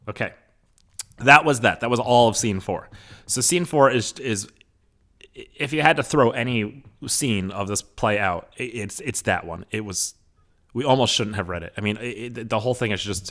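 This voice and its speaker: A man's voice: mid-range voice, lively intonation, moderate pace, bright, forceful tone. A man teaching a lesson, walking students through a play. He talks in a chatty way, with lots of fillers and asides, and records into a microphone. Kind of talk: recorded class lesson, reading a play aloud.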